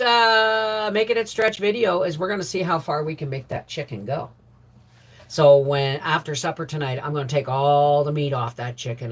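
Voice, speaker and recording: A middle-aged woman hosting a casual homestead livestream, greeting viewers by name and chatting warmly. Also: sits low. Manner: chatty, warm greetings to viewers, laughs often. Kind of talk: casual live chat reading viewer comments.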